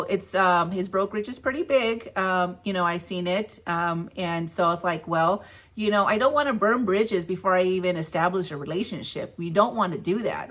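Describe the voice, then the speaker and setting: 40s lady trucker vlogging, chatty and blunt, laughs a lot, mid-pitch voice. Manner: lively retelling, frequent laughs, firm and blunt. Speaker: hotshot trucking business owner. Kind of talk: casual storytelling vlog.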